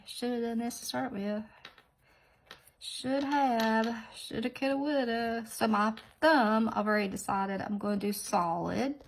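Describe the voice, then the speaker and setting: Gravelly, sniffly woman chatting. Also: mid-range voice, a little hiss or hum, rough recording. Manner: rambling, chatty, drops into soft whispered asides. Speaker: nail art channel host. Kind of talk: casual tutorial chat.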